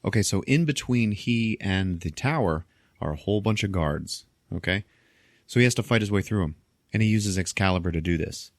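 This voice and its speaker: A man hosting a podcast, recapping a film in casual chat with animated storytelling, frequent laughter and swearing. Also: fairly low pitch, brisk, no echo, studio quality. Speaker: podcast host.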